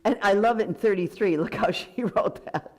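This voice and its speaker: An older woman directing a choir rehearsal, coaching briskly and warmly, sometimes singing lines to demonstrate. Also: medium pitch. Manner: brisk, encouraging, gives sung demonstrations. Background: choir and piano music.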